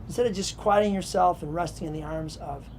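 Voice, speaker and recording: A man hosting a devotional show, telling a personal story in an animated, conversational way with frequent fillers. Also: sits high, a little fast, a little hiss or hum. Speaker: devotional host.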